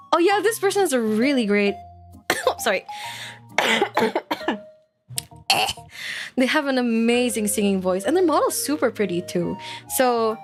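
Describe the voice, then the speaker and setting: A woman streamer chatting casually and playfully with her audience, laughing often. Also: fairly high pitch. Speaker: virtual streamer. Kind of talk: casual live-stream chat. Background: faint background music.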